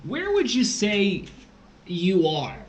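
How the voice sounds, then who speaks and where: A man's voice: sits high, huge pitch swings, takes it slowly. A young man tutoring test prep on a casual livestream, joking and theatrical. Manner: playful, jokey, theatrical. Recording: echoey room, faint background noise.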